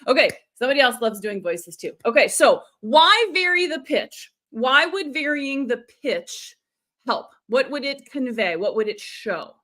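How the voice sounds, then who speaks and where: A middle-aged woman runs a live storytelling lesson. Her voice sits a little high and sounds bright. She keeps things animated, demonstrates voices and answers viewer comments as they come in. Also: measured pace. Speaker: storytelling coach. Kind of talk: live-streamed training.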